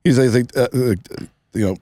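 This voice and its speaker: A man who is a comedian guest on a podcast, in casual chat, talking in a rapid, profane, emphatic way. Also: medium pitch, dark tone, no echo.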